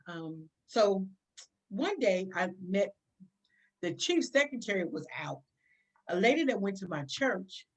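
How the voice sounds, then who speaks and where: In an interview, a middle-aged woman police chief with a mid-range voice tells a story from her career. She's animated, acting out dialogue and often restarting her sentences.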